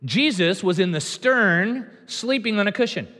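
High, bright-voiced preacher in a reverberant hall. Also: male voice, animated, a little slow. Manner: emphatic, conversational preaching with dramatized quotes. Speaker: pastor. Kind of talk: sermon.

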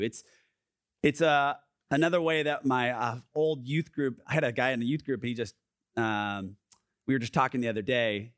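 Casual, energetic youth pastor, dry sound. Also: male voice, medium pitch, moderate pace, dry recording. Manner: casual, energetic preaching with many fillers; drops to a soft, quiet tone for scripture. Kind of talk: sermon. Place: youth gathering.

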